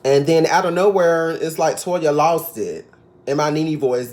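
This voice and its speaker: A man with a slightly high voice speaking at a normal speed recaps a reality TV episode for his vlog. He's casual and sassy, gossiping and occasionally imitating the cast.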